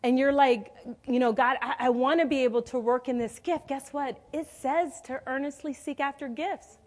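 A woman's voice: high voice, steady tone, moderate pace, darkish tone. A woman in her forties preaching a sermon in a conversational, storytelling way, calling out questions to the congregation. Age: 40s.

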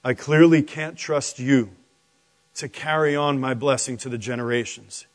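A man's voice: mid-range voice, steady tone, unhurried, lightly acted. A man voicing God as a stern, disappointed figure who scolds in rebuking questions.

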